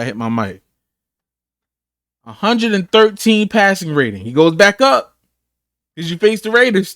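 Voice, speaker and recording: A man's voice: high-pitched, fairly bright tone, dry recording, clean studio sound. A man doing a sports reaction rant, rattling off stats with whoops and rhetorical questions.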